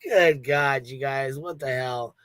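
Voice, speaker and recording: This livestream host has a rumbling low voice and takes her time, recorded close-up with a dry, dead sound and no room ambience. Laughing often and swearing bluntly, she recounts events by voicing the lines of the people involved in lively quoted asides.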